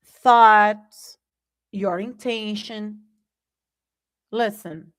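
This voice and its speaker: A woman gives a live English lesson online, speaking deliberately and frequently checking in with "right?". Her voice is medium in pitch with lively intonation.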